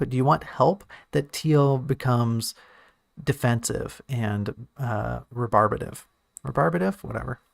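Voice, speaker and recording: A man's voice: medium pitch, gravelly, no echo, clean studio sound. A man who writes and streams, talking casually and thinking aloud about a story draft, often restarting and correcting himself.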